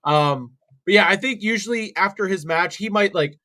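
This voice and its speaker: Young man, slightly high voice, casual stream commentary, lots of fillers and restarts. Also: moderate pace, pushed and bright. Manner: rambling, many fillers and restarts. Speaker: watch-along co-host.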